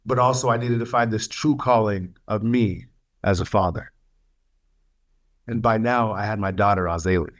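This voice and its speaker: A man sharing his life story as a webinar speaker, earnest and emotional, with halting pauses and fillers. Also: lowish voice. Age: adult, studying for a master's. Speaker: webinar speaker, youth mentor.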